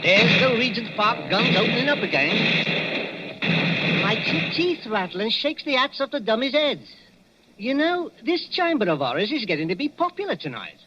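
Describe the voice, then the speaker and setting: A man's voice: very high-pitched, big pitch swings, moderate pace, noisy background. An actor playing a chatty, jovial night watchman with a Cockney accent, folksy and chuckling, in 1940s radio acting on a dull old broadcast.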